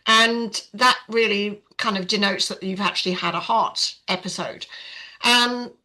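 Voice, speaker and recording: A woman's voice: medium pitch, steady tone, measured pace, bright, forceful tone, poor audio. An older woman telling her personal story as a podcast guest, in a frank, chatty way with many fillers. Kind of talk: casual storytelling.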